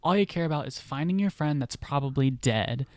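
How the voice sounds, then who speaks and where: A man's voice: mid-range voice, steady tone, slow pace, darkish tone, smooth, no room sound, studio quality. A man voicing an exasperated young woman who nags and scolds her brother, in a lightly acted retelling. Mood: scolding.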